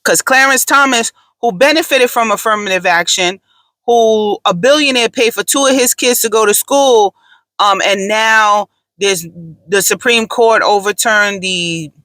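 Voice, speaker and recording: A woman's voice: medium pitch, unhurried, bright, forceful tone, no echo, rough recording. Blunt, profane woman ranting on a podcast. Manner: blunt, profane, emphatic storytelling. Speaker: podcast host. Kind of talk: casual podcast rant.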